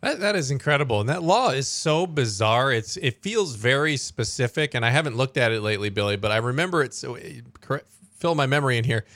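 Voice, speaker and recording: A man co-hosting a news podcast in casual chat, relaxed and conversational, steering the talk to the next story. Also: mid-range voice, a little fast, no echo, studio quality. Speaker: podcast co-host.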